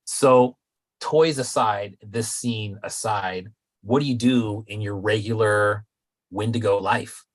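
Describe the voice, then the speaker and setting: A man co-hosting a casual video-call chat show, relaxed and slangy, often saying "dude" and "man". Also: lowish voice, slow, no room sound. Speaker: podcast co-host.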